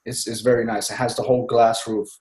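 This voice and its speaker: An excited man chats on a group call in a mid-pitched voice, rambling from one thought to the next and tossing in "man" at the end of his sentences. His voice comes through with a roomy echo, as if heard across a call line. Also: quick pace. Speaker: team member speaking on a group call. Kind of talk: casual chat on a conference call.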